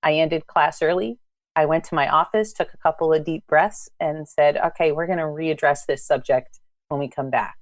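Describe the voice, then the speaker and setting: A woman in her thirties recounts teaching mishaps with lively energy. Her voice sits on the lower side, recorded dry and close. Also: normal speed, no echo. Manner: animated, acts out past dialogue. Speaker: biology instructor, guest. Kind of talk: storytelling in conversation.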